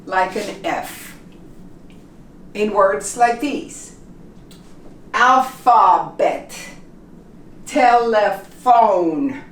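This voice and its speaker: A woman teaching English pronunciation in a slow classroom lesson, carefully repeating each word for learners. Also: mid-range voice. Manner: deliberate, repeats words slowly for learners. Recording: roomy echo, distant from mic, faint room noise.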